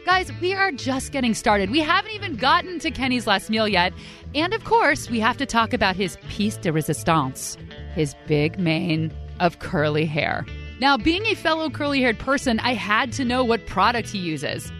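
A woman hosting a podcast, telling stories in an upbeat, chatty, animated way. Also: fairly high pitch, normal speed, faint music behind. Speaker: podcast host. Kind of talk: casual storytelling narration.

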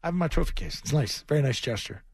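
A man hosting sports talk radio, loud and joking. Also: mid-range voice, expressive, fast, husky, no room sound. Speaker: radio host.

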